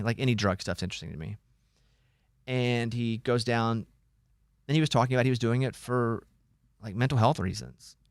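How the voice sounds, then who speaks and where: A radio host tells a story to his co-hosts, bouncing through it in an animated, chatty way and playing the other people's lines. His voice sits in an everyday middle range. The studio sound is dry and close. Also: medium pitch, no echo. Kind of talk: casual talk show storytelling.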